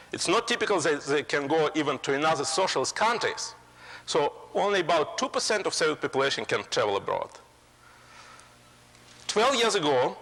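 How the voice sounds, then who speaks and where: A man's voice: on the high side, fairly bright tone. A man in his forties from Moscow, speaking in broken, Russian-accented English and joking as a guest lecturer. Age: 40s. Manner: plain, broken English with playful jokes. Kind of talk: humorous lecture. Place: college lecture hall. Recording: long reverb of a lecture hall.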